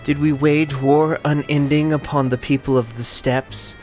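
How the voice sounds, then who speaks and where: A fervent, paranoid autocrat's journal, read out slowly and gravely by a man in his own voice. The delivery is measured and weighty, with faint music underneath. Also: on the high side, little pitch movement, darkish tone, natural voice. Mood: solemn. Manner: slow, solemn reading aloud. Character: zealous, paranoid male Russian autocrat writing a journal. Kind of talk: reading in-game text aloud.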